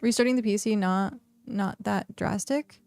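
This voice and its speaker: Chatty streamer woman with gravelly fry. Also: medium pitch, moderate pace, a little mellow, dry recording, soft background music. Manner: chatty, reads chat questions aloud, frequent fillers. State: hiccuping. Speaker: game streamer. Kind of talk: casual live-stream chat.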